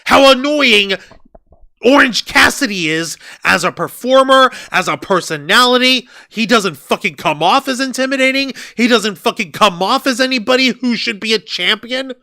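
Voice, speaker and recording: A man's voice: very high voice, animated, moderate pace, pushed and bright, no room sound. A man co-hosting a wrestling review podcast, ranting with profanity and sarcasm. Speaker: podcast co-host. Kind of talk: heated wrestling review chat.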